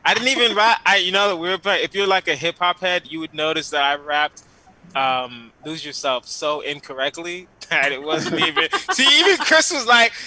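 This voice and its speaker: A man's voice: fairly high pitch, lively intonation, normal speed, sharp tone, rough recording. A man doing a rambling stand-up set over a video call, laughing at his own jokes. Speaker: stand-up comedian guest.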